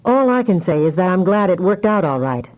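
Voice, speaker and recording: A woman's voice: on the low side, sing-song, fairly quick, a little mellow, poor audio. A woman voicing a worried ship captain. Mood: uneasy. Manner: polite, uneasy. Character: worried, courteous male freighter captain. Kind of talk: audiobook character voice.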